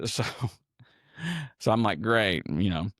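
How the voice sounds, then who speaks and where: A man's voice: fairly low pitch, moderate pace, no echo, studio quality. A man hosting a casual solo podcast, telling a rambling story with chuckles and restarts. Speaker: podcast host.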